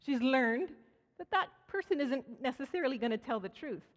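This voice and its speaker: A woman's voice: high-pitched, expressive, normal speed. Woman preaching in a reverberant church. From Canada. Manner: storytelling, acts out quoted voices, frequent restarts. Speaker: speaker at church. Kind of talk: conversational sermon. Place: church sanctuary. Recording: church hall with long reverb.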